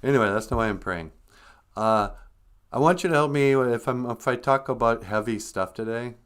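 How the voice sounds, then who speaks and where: A man's voice: mid-range voice, moderate pace, fairly bright tone, clear, resonant tone. A man hosting a livestream, chatting casually in a rambling, self-deprecating way. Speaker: livestream host. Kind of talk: casual comedic chat.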